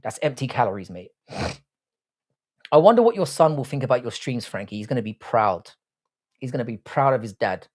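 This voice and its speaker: Brief: young male livestream host, animated and bouncy pitch, crude teasing banter full of swearing, casual desk-mic talk. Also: a little fast, long pauses. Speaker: livestream host reading chat. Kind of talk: casual live stream banter.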